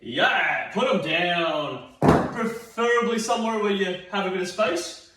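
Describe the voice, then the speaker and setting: An Australian fitness instructor with a high-pitched voice leads a seated exercise class at a measured pace, upbeat and encouraging, counting reps aloud and running out of breath. The recording is very noisy, in a very echoey room with the mic far off.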